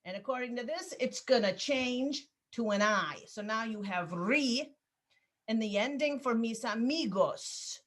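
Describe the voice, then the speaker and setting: A woman's voice: on the high side, animated. Woman teaching class over video call. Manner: patient, encouraging, slow drilled vocabulary. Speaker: Spanish teacher.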